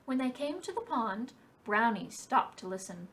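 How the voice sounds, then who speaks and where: A woman reading a picture book aloud at a library storytime for preschoolers, in a slow and expressive storybook cadence. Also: fairly high pitch, recorded from a distance, slight background noise.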